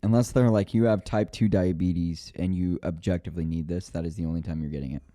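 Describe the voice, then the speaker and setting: A young man guesting on a podcast, teasing his friend in a laid-back, deadpan way with frequent hesitations. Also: deep voice, quick pace, no echo, studio quality. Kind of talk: casual podcast banter.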